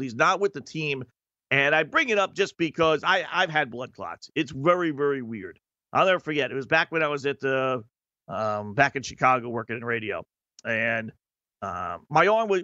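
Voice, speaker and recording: Chatty bright-voiced male radio host. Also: a little high, no room sound, highs cut off. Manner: chatty and self-mocking, acts out quoted people. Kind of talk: casual storytelling monologue.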